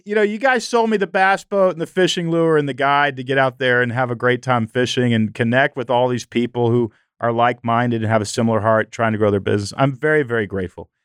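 A male podcast host telling stories in an animated, chatty way, often using "you know". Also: medium pitch, brisk, few pauses, clear, resonant tone, dry recording, studio quality. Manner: animated storytelling, frequent "you know" fillers. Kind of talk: conversational interview.

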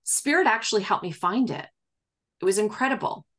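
A woman's voice: medium pitch, animated, brisk, fairly bright tone. A woman as an interview guest, chatting casually and telling her story with lots of fillers, acting out what people said. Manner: chatty, acts out quoted dialogue, many fillers. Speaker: guest medium.

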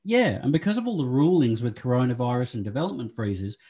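Aussie male podcast co-host, husky, relaxed and chatty, laughs easily. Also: mid-range voice, fast talker. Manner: chatty, laughs often, trails into restarts. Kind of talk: casual chat.

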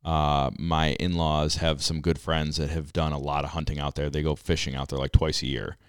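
A man's voice: extremely low pitch, little pitch movement, moderate pace, clean tone, no room sound, clean studio sound. A man co-hosting a podcast in easygoing casual chat, laughing as he talks. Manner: easygoing, laughs while talking. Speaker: podcast co-host.

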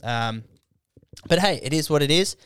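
An Australian comedian on a podcast, a man tells a story in loose, slangy banter with a bit of swearing. His voice is on the high side, animated, fairly bright and smooth, at a normal speed, in a dry recording.

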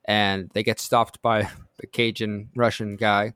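A man co-hosting a podcast in casual comedic chat, rambling and repeating words as he pitches ideas. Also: flat delivery, a little slow, fairly bright tone, smooth, no echo, studio quality. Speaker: podcast co-host.

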